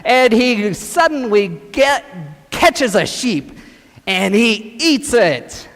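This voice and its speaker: A man's voice: extremely high pitch, sing-song, slow, fairly bright tone. A man, a priest, telling a gospel story with children acting it out, directing them as he goes. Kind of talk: children's sermon with acted gospel. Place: church. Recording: long church reverb.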